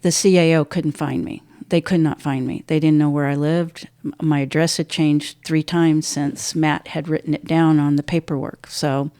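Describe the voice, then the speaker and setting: Older woman recounting loss, halting and soft. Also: fairly even intonation, dry recording. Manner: halting, restarts often, voice drops low and soft at painful moments. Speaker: podcast guest. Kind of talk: emotional personal storytelling.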